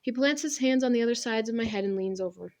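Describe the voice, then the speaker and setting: A young woman reads an audiobook told in the first person, her delivery expressive, intense, and dramatic. She speaks fast, at a fairly high pitch.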